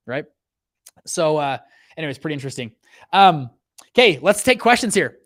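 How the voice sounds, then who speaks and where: A young man with a fairly high voice talks at a moderate pace with long pauses, recorded at studio quality without room sound. He's a fund manager hosting an informal economics and investing livestream, energetic and heavy on fillers, checking in with "okay" and "right" and restarting sentences often.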